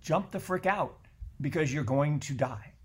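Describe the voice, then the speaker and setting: A middle-aged man talking as a podcast guest in a casual conversation, animated and blunt, swearing freely and often restarting his sentences. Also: fairly high pitch, unhurried, husky.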